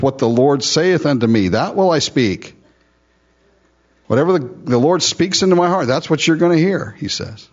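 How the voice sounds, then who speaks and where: A man's voice: medium pitch, dull audio. A man preaching a sermon as pastor, teaching verse by verse, laughing often and acting out the Bible figures with sarcasm.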